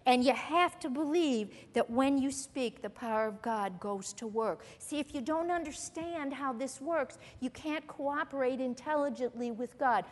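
Preacher woman, high and emphatic, lesson heard with long hall reverb. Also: unhurried, few pauses. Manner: earnest and emphatic, quoting scripture. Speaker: Bible teacher. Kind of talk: sermon.

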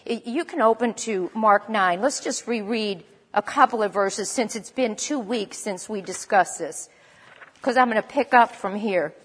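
A woman's voice: medium pitch, measured pace, breathy edge, in a large hall. A woman preaching a sermon in a conversational way, stopping to correct herself as she goes. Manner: conversational, with restarts and self-corrections.

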